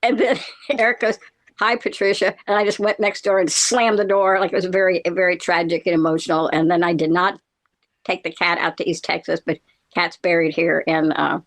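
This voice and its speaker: A middle-aged woman chatting casually, her voice sitting a little low for a woman. She tells a story in loose, rambling sentences full of fillers, stops to laugh, and then picks the thread back up. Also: little pitch movement, a little fast.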